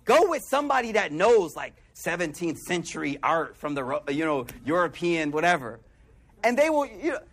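A man giving a casual, slangy sermon and acting out quick asides in a lower voice. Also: very animated. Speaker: preacher.

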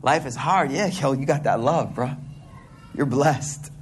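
A preacher gives a sermon to an audience in a hall, blending casual slang with religious teaching and acting out animated voices. His voice is medium-pitched at a normal speed, with slight background noise.

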